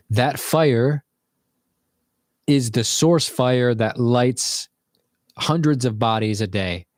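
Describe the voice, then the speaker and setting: A man's voice: mid-range voice, dry recording, studio quality. A young man telling a rambling, casual story to viewers from his bedroom, swearing freely as he goes. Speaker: vlogger.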